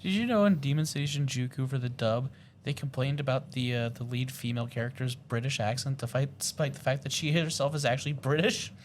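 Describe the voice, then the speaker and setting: A man co-hosting a podcast in casual chat, rambling excitedly with lots of fillers and self-corrections. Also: mid-range voice, a little fast, slight background noise. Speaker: podcast co-host.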